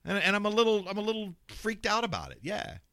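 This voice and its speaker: A man's voice: high voice, huge pitch swings, fast, bright, forceful tone, no echo, studio quality. A man hosting a talk radio show, ranting bluntly and sarcastically with plenty of swearing. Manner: mocks callers in put-on voices.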